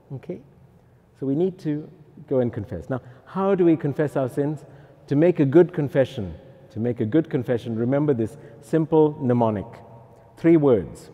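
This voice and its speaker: Joking priest with a mellow voice. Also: male voice, medium pitch, moderate pace, breathy edge, in a large hall. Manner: joking, lively, teasing. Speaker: Catholic priest, pilgrim chaplain. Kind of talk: humorous talk to pilgrims.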